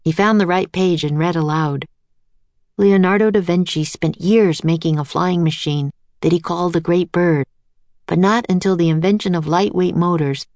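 A woman's voice: lowish voice, darkish tone, no echo. Woman reading a children's story aloud. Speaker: storybook narrator.

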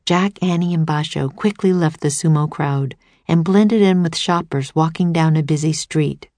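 Low-voiced woman reading a storybook. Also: normal speed, darkish tone, no room sound. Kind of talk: storybook narration.

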